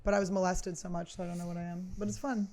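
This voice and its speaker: A woman's voice: fairly low pitch, little pitch movement, rapid-fire, dark tone. A woman hosting a podcast from a studio, talking casually with a guest. She is blunt and self-mocking, and she swears freely. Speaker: podcast host. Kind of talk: casual comedic chat.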